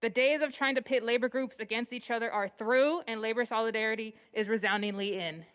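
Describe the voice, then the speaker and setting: A woman's voice: a little high, steady tone, a little fast, a bit bright, clean tone. A woman union representative firmly reading a prepared statement at a board meeting. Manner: firm, declarative. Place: public meeting room. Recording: long hall reverb.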